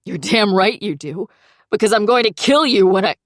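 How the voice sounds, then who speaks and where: A woman voicing a panicked young man who is crying, shrieking and swearing in a shrill voice, in an audiobook. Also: lively intonation, normal speed, no room sound, clean studio sound, lightly acted. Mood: hysterical, furious. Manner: shrieking, swearing, on the edge of tears.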